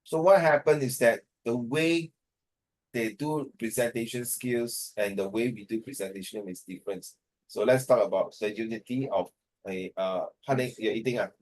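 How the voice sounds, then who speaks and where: A man's voice: medium pitch, moderate pace, a little mellow, low-quality recording. A tired man teaching an online class over a video call, talking in a hesitant, rambling way and slipping into Mandarin.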